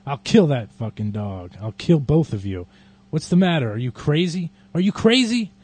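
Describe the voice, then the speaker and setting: A man voicing a victim of a dog attack in a poetry reading, shouting frantically. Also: big pitch swings, normal speed, breathy edge. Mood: furious. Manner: shouting, frantic, raised pitch. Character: panicked man mauled by a dog, furious.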